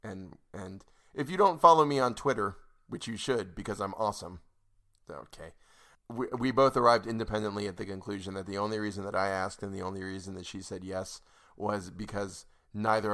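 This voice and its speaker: With a fairly low, fairly bright voice and a slightly fast delivery, a man records an audiobook at home. He breaks away to share stories and to grumble irritably at how the author punctuates.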